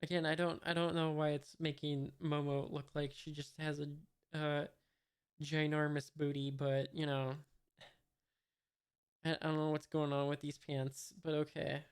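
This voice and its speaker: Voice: medium pitch, flat delivery, moderate pace, clear, resonant tone. A reader going through a comic chapter in a casual, hesitant way, reading the dialogue aloud without doing voices, with many fillers and wry, puzzled asides. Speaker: manga reader and commentator.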